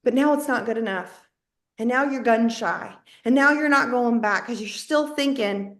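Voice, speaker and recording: A high-pitched woman with a drawl, coaching her sales team with folksy, high-energy talk. She slips into other voices to act out what people say. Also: moderate pace, a bit bright. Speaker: network marketing team leader.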